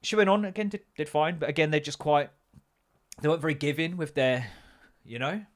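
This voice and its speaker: A man riffing through a sweary, rambling comic rant as a podcast host. His voice sits a touch high for a man. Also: a little fast. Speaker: podcast host and stand-up comedian.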